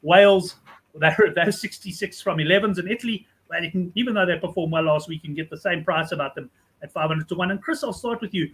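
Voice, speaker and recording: A male host runs a betting panel at a brisk clip. His voice sits high for a man and he talks fast, moving each guest along. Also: fairly bright tone. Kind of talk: hosting a panel show.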